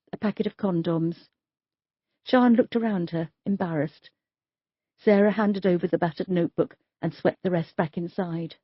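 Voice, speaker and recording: A woman narrating a crime novel audiobook in a steady, even storytelling manner. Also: lowish voice, husky, dry recording, highs cut off. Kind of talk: scripted narration.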